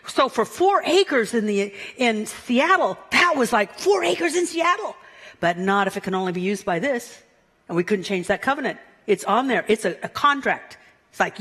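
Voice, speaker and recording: A woman minister giving a Sunday sermon in a playful, animated way, chuckling at her own asides. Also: fairly high pitch, long reverb tail. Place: church sanctuary.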